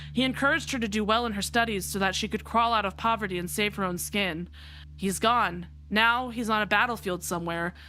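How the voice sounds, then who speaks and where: A woman's voice: medium pitch, sharp tone, a little hiss or hum. A woman streamer reading a visual novel aloud and chatting casually, rambling with fillers.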